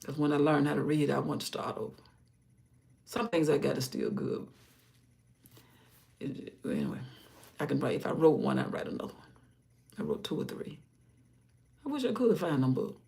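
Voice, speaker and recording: An older grandmother hosting a live stream, talking in a rambling, casual way about her day and her faith, often sinking into soft murmurs. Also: low voice, big pitch swings, moderate pace, creaky, long pauses. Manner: rambling, warm-hearted, drifts into soft murmurs. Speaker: livestream host.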